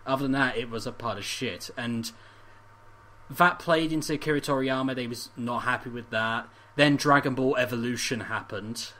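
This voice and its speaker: A man's voice: mid-range voice, moderate pace, pushed and bright. A man co-hosting a casual podcast chat, laughing often, swearing and rambling off on tangents. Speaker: podcast co-host.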